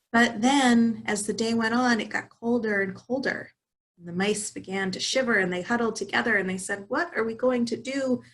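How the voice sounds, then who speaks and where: A woman pastor telling a fable during a sermon, in a gentle manner with hesitant fillers. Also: mid-range voice. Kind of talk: storytelling in a sermon.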